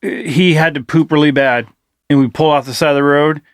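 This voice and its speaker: A man's voice: on the high side, steady tone, fairly quick, clear, resonant tone, dry recording, clean studio sound. A man co-hosting a podcast in casual chat, telling rambling stories full of fillers. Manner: rambling, filler-heavy storytelling. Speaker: podcast co-host.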